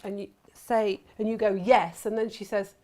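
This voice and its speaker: A woman's voice: medium pitch, steady tone, moderate pace, darkish tone. A woman hosting a crafting workshop, chatting casually and telling stories while she sews. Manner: chatty, storytelling, laughs often. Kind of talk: casual chat while sewing.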